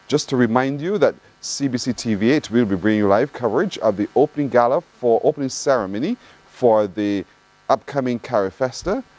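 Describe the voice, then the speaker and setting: A man's voice: mid-range voice, dark tone, rough recording. A man with a Barbadian accent hosting a morning call-in radio show, teasing callers with playful banter. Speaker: radio host.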